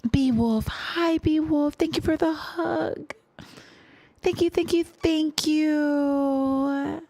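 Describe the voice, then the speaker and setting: A young woman streaming a live music reaction, gushing and excitable, at times dropping into awed whispers. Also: high-pitched, extremely slow.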